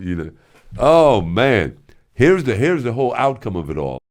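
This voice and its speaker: A man's voice: mid-range voice, big pitch swings, normal speed. An older man and former radio host telling stories casually and animatedly, slipping into voices and sound effects. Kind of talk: casual storytelling.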